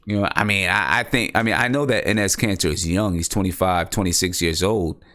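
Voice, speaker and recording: Low-voiced man rambling about basketball. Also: a little fast, bright, forceful tone. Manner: rambling, repeats himself, thinks aloud. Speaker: basketball podcast host. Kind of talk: casual live-stream sports talk.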